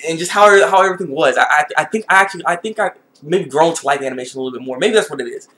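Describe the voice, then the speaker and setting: A man reviewing an anime episode in a casual vlog, excitable and laughing, and often repeating his words. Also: a little high, very fast.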